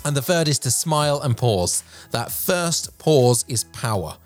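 A man hosting a podcast, talking with a projected, energetic delivery and clear enunciation. His pitch sits in a middle range for a man. Faint music plays quietly behind him. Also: unhurried. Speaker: podcast host. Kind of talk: presentation tips podcast. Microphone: studio microphone.

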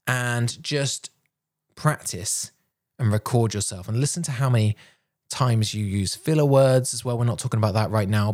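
A man teaching public speaking, shifting his pitch to demonstrate the points he makes. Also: darkish tone. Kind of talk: instructional talk.

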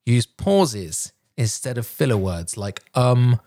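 A man teaching public speaking, shifting his pitch to demonstrate the points he makes. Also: lively intonation, slow pace, mellow. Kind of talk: instructional talk.

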